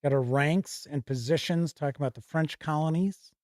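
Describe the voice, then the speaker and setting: A man's voice: fairly high pitch, normal speed, a little mellow, no echo, studio quality. A man hosting a tabletop game show, chatting casually and reading lists aloud from a rulebook with small asides and self-corrections. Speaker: show host reviewing tabletop RPG books.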